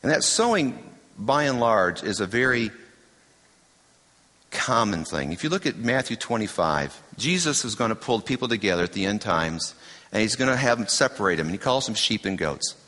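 A man's voice: lowish voice, very animated, moderate pace, sharp tone. A man preaching a sermon as pastor, emphatic and conversational, with self-deprecating asides. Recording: hall reverb.

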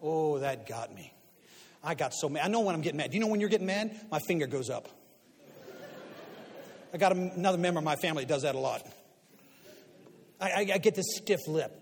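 Middle-aged male speaker, high voice, lively storytelling before a crowd, long hall echo. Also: brisk, pauses often, a little hiss or hum. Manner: animated storyteller, swinging from quiet asides to loud punchlines. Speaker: guest speaker and media commentator. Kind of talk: storytelling talk to a live audience. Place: large hall before an audience. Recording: long reverb of a large hall.

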